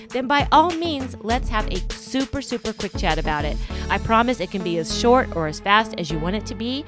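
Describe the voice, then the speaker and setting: A woman hosting her own podcast in casual solo talk, gushing and exclamatory. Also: fairly high pitch. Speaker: podcast host. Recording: music bed under the voice.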